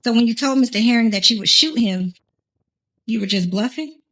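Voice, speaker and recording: Bright-voiced woman prosecutor, pointed. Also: fairly high pitch, fairly quick. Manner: pointed, accusatory. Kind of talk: cross-examination and closing argument.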